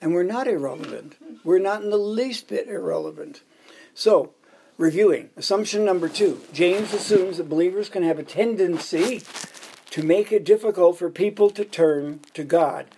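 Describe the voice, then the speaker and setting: Preaching at normal speed, the pastor has a high, gravelly yet mellow voice, with slight background noise behind him. He spins jokey stories and numbers his points as he goes.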